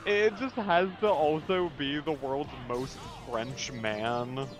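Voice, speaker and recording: A man's voice: on the high side, slow pace, music in the background. A young man co-hosting a casual podcast, explaining things in a meandering way with fillers and casual swearing. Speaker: podcast co-host. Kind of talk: casual chat.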